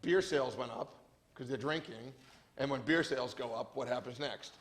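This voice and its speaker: Guy presenting on stage, animated, trips over his words a lot. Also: medium pitch, moderate pace. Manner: animated storytelling, frequent restarts. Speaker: conference speaker. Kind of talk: presentation talk with slides.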